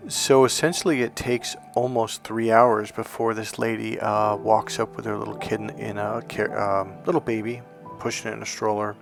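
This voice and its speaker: A man's voice: lowish voice, little pitch movement, normal speed, gravelly, soft background music. A man who works as a relationship coach, telling a story in a rambling, casual monologue with folksy asides.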